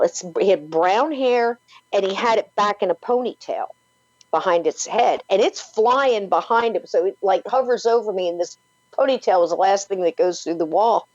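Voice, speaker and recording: A woman's voice: medium pitch, expressive, moderate pace, a little mellow, dry recording. A woman guest on an interview show, retelling a personal story vividly, full of "like" and "you know". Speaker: paranormal podcaster and author, guest. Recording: dull lo-fi, dry sound.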